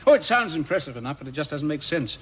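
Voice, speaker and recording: A man's voice: fairly high pitch, sing-song, fast talker, fairly bright tone, a little hiss or hum. An actor in a radio drama playing a bitter, sardonic middle-aged man who mocks and rants. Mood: sarcastic. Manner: mocking, ranting, sarcastic.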